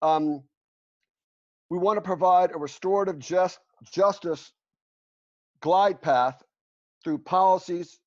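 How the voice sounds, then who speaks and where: Man, slightly high voice, earnest panel talk, fillers and restarts, muffled lo-fi sound. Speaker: panelist presenting a resolution. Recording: muffled lo-fi audio.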